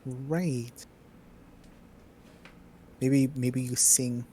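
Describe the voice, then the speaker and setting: A laid-back co-streamer chatting casually, quick to laugh and swearing now and then. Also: medium pitch, steady tone, mellow, a little hiss or hum. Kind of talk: casual chat on a livestream.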